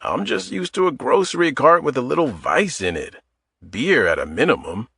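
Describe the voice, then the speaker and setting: A man's voice: medium pitch, very animated, normal speed, creaky, a bit bright, slightly rough, no room sound, pitched above the performer's own voice, exaggerated voice. A man voicing a wry, self-deprecating man in his mid-forties in an audiobook. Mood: earnest. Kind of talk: audiobook character voice.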